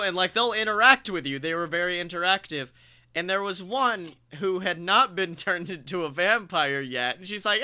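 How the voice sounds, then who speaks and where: Bright-voiced young man telling stories. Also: sits high, moderate pace, smooth. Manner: rambling, laughing through anecdotes. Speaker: podcast co-host. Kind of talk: casual storytelling chat.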